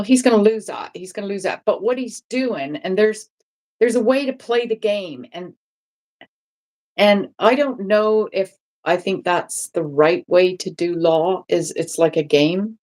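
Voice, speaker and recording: A woman's voice: medium pitch, takes it slowly, darkish tone. A woman, a guest on a casual live-stream chat, talking in a rambling way with many restarts and tag questions. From England. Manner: rambling, restarts often, asks "right?".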